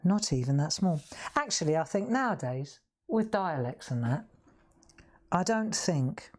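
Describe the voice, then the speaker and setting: A woman's voice: on the low side, very animated, measured pace, darkish tone. A middle-aged woman with a Southern English accent, hosting a live craft demonstration in a chatty, self-mocking way and laughing often. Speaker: craft show host. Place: craft room.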